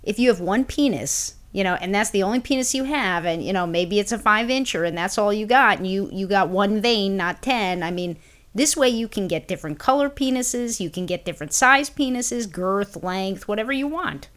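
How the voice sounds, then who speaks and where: A woman from Brooklyn, co-hosting a podcast and telling a story in an exasperated, animated way. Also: medium pitch, moderate pace. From Brooklyn, New York. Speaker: podcast co-host. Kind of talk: casual comedic chat.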